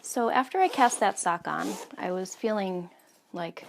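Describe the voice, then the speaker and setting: A woman's voice: medium pitch, unhurried, creaky, slight background noise. A woman in her thirties hosting a casual knitting podcast from home, chatty and full of ums. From United States. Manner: chatty, many ums, soft asides. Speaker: podcast host. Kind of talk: casual chat.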